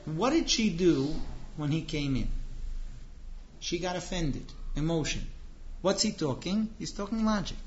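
A man's voice: on the high side, expressive, unhurried, pauses often, slight background noise. Earnest man giving a religious lecture. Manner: earnest, explanatory, acts out dialogues. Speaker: religious teacher. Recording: dull lo-fi recording.

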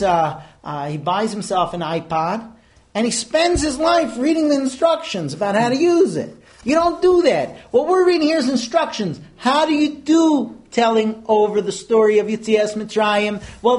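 A man in his thirties teaching an informal religious class, telling stories with quick asides and many Hebrew terms. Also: very high voice, darkish tone.

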